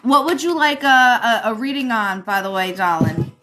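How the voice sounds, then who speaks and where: A woman with a Rhode Island accent hosting a live stream as a psychic reader. She chats with viewers, calls them darling, and fills pauses with ums. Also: fairly high pitch, animated, noisy background. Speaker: psychic reader and livestream host. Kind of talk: live-stream chat and card reading.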